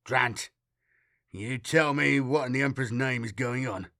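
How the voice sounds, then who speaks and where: A man's voice: medium pitch, unhurried, sharp tone. A man voicing a blunt, commanding male security officer on a starship in an audiobook. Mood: demanding.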